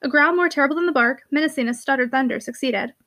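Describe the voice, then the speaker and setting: A woman narrates a classic novel for an audiobook, her voice pitched high and light. She moves through the text at a brisk, steady pace without lingering on any line.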